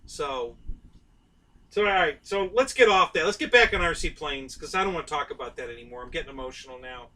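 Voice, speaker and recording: A man's voice: on the high side, lively intonation, fairly quick, bright, forceful tone, recorded from a distance, poor audio. A middle-aged man, hosting a casual live stream and rambling to his viewers by name.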